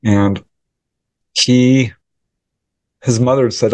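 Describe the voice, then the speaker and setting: A man, a researcher and author, answering interview questions as a lively storyteller who acts out the voices of people in his account. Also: on the low side, moderate pace, dry recording. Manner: animated storyteller acting out quoted dialogue. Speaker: UFO researcher and author, guest.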